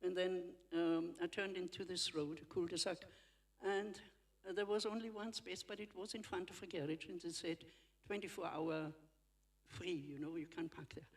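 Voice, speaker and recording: A woman's voice: on the low side, steady tone, moderate pace. A woman from the congregation sharing a personal testimony at a church service. She speaks in a chatty, storytelling way, laughs often and acts out the dialogue. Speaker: congregation member giving testimony.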